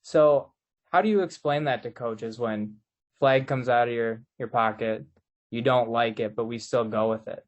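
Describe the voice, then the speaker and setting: A man's voice: medium pitch, normal speed, highs cut off. A man hosting a casual podcast, asking a guest questions with a friendly joking aside. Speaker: podcast host.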